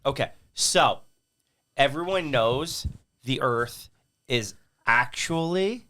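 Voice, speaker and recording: Sick, lively-voiced man co-hosting. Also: medium pitch, takes it slowly. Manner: joking, puts on silly voices. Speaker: podcast co-host. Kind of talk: casual movie review chat.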